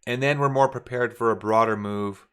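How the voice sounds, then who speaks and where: A man at a middle pitch leads a casual chart walkthrough for his viewers. He thinks aloud, corrects himself mid-sentence and speaks to the audience directly in a relaxed coaching tone. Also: normal speed, clean tone. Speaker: forex trading coach.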